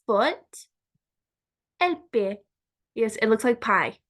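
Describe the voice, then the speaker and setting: Woman Spanish teacher, slow careful delivery, fairly high voice, repeats words for learners. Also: lively intonation, a bit bright. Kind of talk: language lesson.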